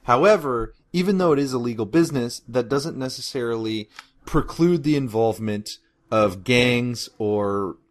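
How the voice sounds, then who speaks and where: A man's voice: medium pitch, moderate pace. A man co-hosting a podcast, explaining figures in a casual discussion with many "um"s and restarts. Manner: informative, hesitant with many "um"s. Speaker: podcast co-host.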